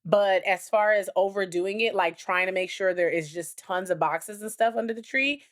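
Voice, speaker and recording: Woman, podcast co-host, casual chat, rambling, animated, lots of fillers. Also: medium pitch, normal speed.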